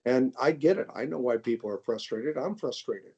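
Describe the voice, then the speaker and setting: An older man, a congressman, speaking in a measured way on a panel discussion and often repeating words as he thinks. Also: mid-range voice, a little mellow, breathy edge. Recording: dull lo-fi sound.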